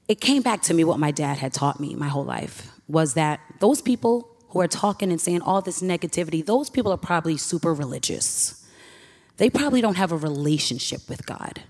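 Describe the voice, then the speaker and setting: A woman's voice: on the low side, darkish tone. A young woman from Queens, New York, telling a personal story on stage in an earnest, emotional way with sighs. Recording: reverberant hall.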